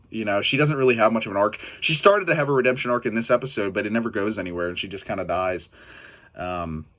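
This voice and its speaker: A man's voice: lowish voice, a bit bright. A young adult man giving a casual, rambling episode review, full of fillers, self-corrections and swearing. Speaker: TV show reviewer.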